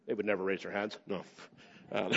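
A male pastor preaching a sermon, swinging between raised emphasis and quick, low asides. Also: little pitch movement, gravelly, bright, forceful tone, slightly rough. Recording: dull sound with long hall reverb.

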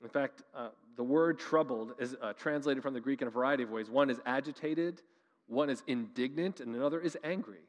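Impassioned male pastor in a reverberant hall. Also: mid-range voice. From Canada. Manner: impassioned, swings between loud emphasis and quiet slow lines. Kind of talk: sermon. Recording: long reverb of a large hall.

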